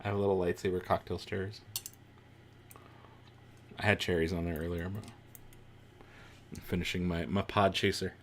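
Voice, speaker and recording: A man's voice: sits low, level tone, normal speed, long pauses, fairly bright tone, a little hiss or hum. A man hosting a live watch-along stream, chatting casually with viewers, reacting to the show and laughing often.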